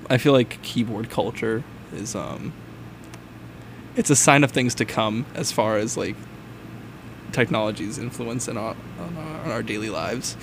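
Gravelly young man hosting college radio. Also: medium pitch, measured pace, slight background noise. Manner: relaxed, rambling, many fillers. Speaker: radio host. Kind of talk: casual college radio chat. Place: radio studio.

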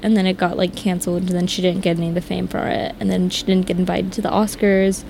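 A young woman co-hosting a casual chat, ranting animatedly with lots of "like" and big jumps in pitch. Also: level tone, quick pace, vocal fry, darkish tone, slight background noise. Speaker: podcast co-host.

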